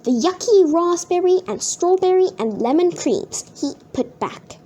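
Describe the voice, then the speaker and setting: A woman reading a children's book aloud in an expressive, sing-song way. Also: very high voice, moderate pace, lo-fi sound, a little hiss or hum. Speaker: storybook reader.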